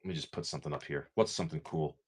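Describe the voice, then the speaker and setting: A man with a husky bass voice and a darkish tone races through rambling stories, saying "like" constantly. He's hosting a laid-back livestream where he opens trading cards.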